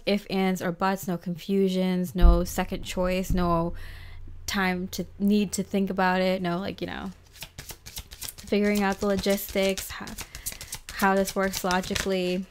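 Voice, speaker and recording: A woman reads tarot cards for her viewers in a loose, chatty way, often giggling and saying "like". Her voice is smooth and clear, pitched in the middle for a woman. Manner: chatty and giggly, heavy use of "like". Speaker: tarot reader. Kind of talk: casual pick-a-card tarot reading.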